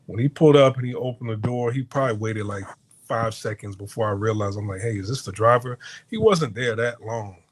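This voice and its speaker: A man with a mid-range voice talks briskly in a casual podcast monologue, recounting something that happened at a hotel abroad. He rambles, restarts, and stammers, acting out the quoted lines with animation.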